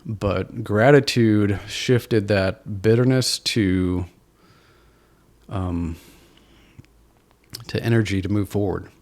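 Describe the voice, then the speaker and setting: A man's voice: lowish voice, fairly even intonation, slow pace, long pauses, a little mellow. A man from Seattle, a podcast guest, candidly telling his personal story in an earnest, self-deprecating, reflective way. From Seattle, USA.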